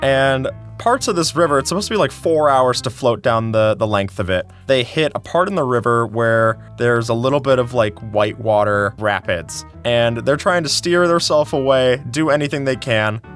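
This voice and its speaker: A man's voice: medium pitch, normal speed, few pauses, fairly bright tone, soft background music. A young man telling casual personal anecdotes in a chatty way, full of "like"s and acted-out quotes. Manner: chatty, many "like"s, acts out quoted voices. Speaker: storyteller.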